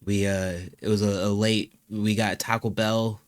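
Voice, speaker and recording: A young man with a lowish voice talks about his life in a personal interview. His speech halts often, full of fillers and restarts as he searches for words. The sound is close and dry, with no room echo. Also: level tone. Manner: halting, with many fillers and restarts. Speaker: musician and channel host being interviewed.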